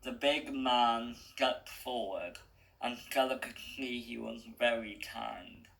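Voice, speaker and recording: A man reads a story aloud at a slow, deliberate pace with small restarts. His voice is gravelly but bright, with mid-range pitch. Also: poor audio. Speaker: narrator.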